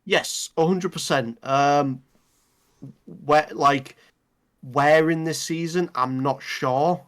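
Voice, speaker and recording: A man co-hosting a casual movie chat, enthusiastic and quick to laugh and swear. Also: on the high side. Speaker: podcast co-host.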